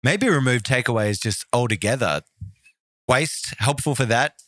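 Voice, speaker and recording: A man's voice: mid-range voice, moderate pace, fairly bright tone, no room sound. A man with an Australian accent co-hosting a casual podcast in a jokey, teasing way. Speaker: podcast co-host. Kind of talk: casual chat.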